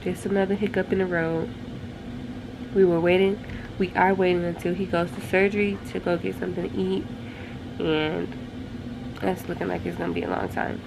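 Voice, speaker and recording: Low-voiced woman chatting to her camera. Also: little pitch movement, normal speed, creaky, pauses often, noisy background. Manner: chatty, talks straight to viewers. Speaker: vlogger and mother. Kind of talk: casual vlog update to camera.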